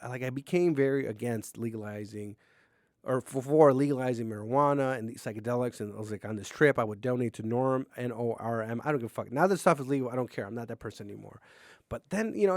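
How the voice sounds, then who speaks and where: Casting note: rambling, foul-mouthed male podcast host, middle pitch, dry close sound. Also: no room sound. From Mexican-American. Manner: rambling, profane, joking, quick swings in loudness. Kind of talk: casual solo storytelling. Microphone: camera on a desk, seen on video.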